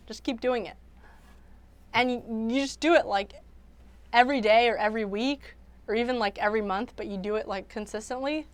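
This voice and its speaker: A young woman hosting a livestream, chatting casually and rambling with lots of "like" and restarts. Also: fairly high pitch. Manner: rambling, filler-heavy, many restarts. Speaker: livestream host.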